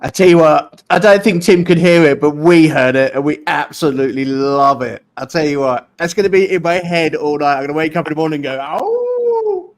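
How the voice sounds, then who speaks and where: A man's voice: fairly high pitch, a little fast, hardly any pauses. A man hosting a casual online interview, enthusiastic and chatty over a video call. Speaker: interview host.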